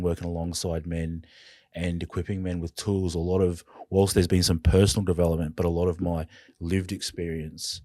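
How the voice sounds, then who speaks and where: An Australian man, a podcast guest, telling his personal story in an earnest, halting, emotional way. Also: sits low, mellow, dry recording, clean studio sound.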